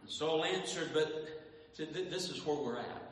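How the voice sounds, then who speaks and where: Preacher man, bright ringing voice, bit high, swings up into singing shouts, heard from across a big echoey church. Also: a little slow. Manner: impassioned, rises into sung shouts, repeats phrases. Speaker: pastor. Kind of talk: sermon. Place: church sanctuary. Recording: echoey church hall, distant mic, faint ambience.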